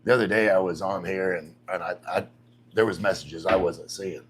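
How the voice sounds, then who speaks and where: Man, middle-aged, low voice, laid-back live-stream chat, reads viewer comments aloud. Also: steady tone, moderate pace, slight background noise. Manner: reads chat messages aloud and answers them chattily. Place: home in the Philippines.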